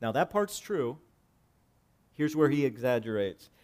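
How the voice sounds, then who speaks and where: A male pastor preaching a sermon, swinging between loud emphatic lines and hushed low ones, reading scripture and explaining it conversationally. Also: sing-song, unhurried. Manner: reads scripture aloud and paraphrases it conversationally.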